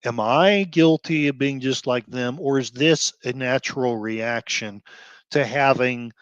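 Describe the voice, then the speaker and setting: A man on a dull, dry recording, delivering an emotional commentary rant. He swings between quiet, sighing stretches and quick, heated bursts. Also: medium pitch, smooth, no echo. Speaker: blogger host.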